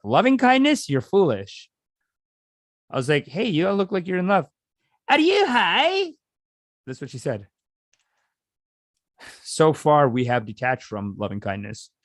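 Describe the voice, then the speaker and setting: A man's voice: medium pitch, dry recording, clean studio sound. A man leading a live meditation session, talking in a rambling, casual way and reading viewer comments aloud. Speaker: meditation teacher. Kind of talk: casual livestream meditation talk.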